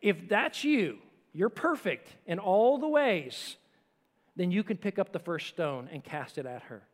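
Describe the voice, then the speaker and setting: A man preaching a sermon with emphasis, swinging between forceful lines and hushed ones. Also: sits high, big pitch swings, unhurried, in a large hall. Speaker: pastor.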